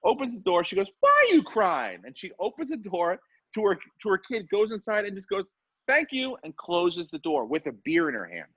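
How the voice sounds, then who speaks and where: A man co-hosting a podcast, telling a story in casual chat, animated and swearing, acting out the voices of the people in it. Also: high voice, fairly quick, slightly rough, no echo. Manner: animated, swearing, acts out voices in his stories. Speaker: podcast co-host. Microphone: remote call mic. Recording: dull lo-fi internet call audio.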